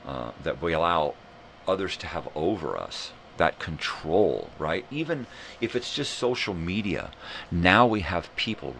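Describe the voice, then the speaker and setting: A man hosting a live morning show, ranting in a rambling, profane, animated way. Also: deep voice, gravelly, slight background noise. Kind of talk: casual rant.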